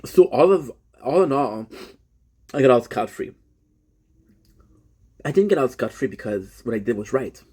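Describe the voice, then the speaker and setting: A man's voice: medium pitch, lively intonation, moderate pace, pauses often, mellow, slightly rough. A young man live-streaming a rambling confessional story, often stopping to correct himself.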